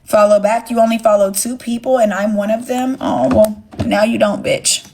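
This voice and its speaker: A woman's voice: on the high side, steady tone, moderate pace, a little mellow, a little hiss or hum. A young woman hosting a phone livestream, talking bluntly and with plenty of swearing straight to her chat. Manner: blunt, profane, sassy, talks straight to chat. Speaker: livestream host. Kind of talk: casual livestream rant to viewers.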